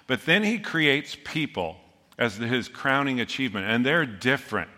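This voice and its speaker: A male pastor delivers a sermon in a bright, forceful voice. He talks conversationally and with humor, pushing some lines out loudly and dropping others to a hushed, earnest level. The sound carries the long reverb of a large hall. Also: mid-range voice, lively intonation, moderate pace. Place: church.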